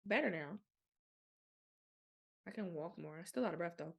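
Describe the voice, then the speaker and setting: Gravelly-voiced woman, frank and colloquial. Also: fairly low pitch. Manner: frank, animated storytelling with colloquial speech. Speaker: podcast host. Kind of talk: candid casual monologue.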